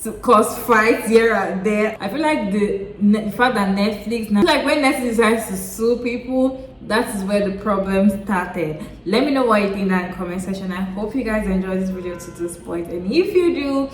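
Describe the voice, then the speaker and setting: A woman host closes out her video in a friendly way and asks viewers to comment and subscribe. Her voice is mid-pitched, and a roomy echo surrounds it. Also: normal speed, few pauses, slight background noise. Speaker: channel host. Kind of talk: video outro.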